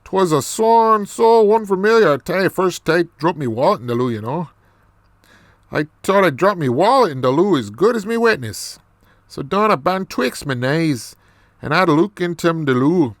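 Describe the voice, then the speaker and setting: A man's voice: fairly high pitch, lively intonation, normal speed, no echo, clean studio sound, voice pushed up. A man doing a boastful old Irish drinker. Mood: awed. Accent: attempted Irish. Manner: thick dialect, storytelling brag. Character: gruff older male recovering drinker, boastful. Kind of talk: reading a novel aloud.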